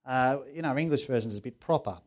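A middle-aged man preaching a sermon in an earnest, conversational way, with sudden loud emphasis on key words. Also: medium pitch, quick pace. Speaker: pastor.

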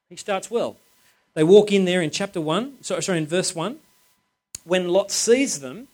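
A man preaching a sermon in an informal, chatty way, driving points home by repeating phrases. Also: high-pitched. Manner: emphatic, repeats phrases for stress.

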